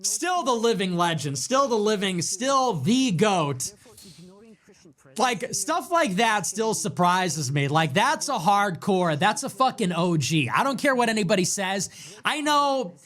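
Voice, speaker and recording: A man's voice: high voice, sing-song, unhurried, a bit bright. A man hosting a livestream, brash, profane and swaggering as he tells boastful stories. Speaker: livestream host.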